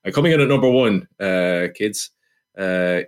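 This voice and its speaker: A man co-hosting a casual film-review podcast. He talks in a dry, halting way and stumbles over his words. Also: deep voice, animated, clear, resonant tone. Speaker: podcast co-host.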